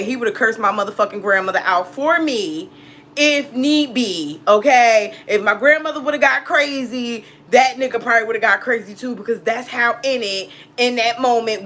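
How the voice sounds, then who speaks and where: A tarot reader tells a personal story in a casual vlog, swearing constantly, speaking emphatically, and frequently bursting into laughter. Her voice is on the high side and a bit bright, with slight background noise.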